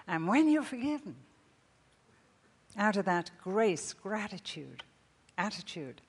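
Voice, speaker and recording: A woman's voice: mid-range voice, very animated, takes it slowly, husky. Older woman preaching in an echoing hall. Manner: storytelling with laughter. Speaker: speaker. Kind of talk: sermon. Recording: long reverb of a hall.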